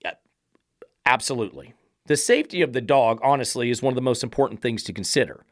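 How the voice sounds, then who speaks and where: A man's voice: medium pitch, fast, no echo, clean studio sound. A middle-aged man, a dog trainer hosting a podcast, giving blunt, sarcastic commentary on advice he reads out, now and then swearing. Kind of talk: commentary reacting to a read-out text.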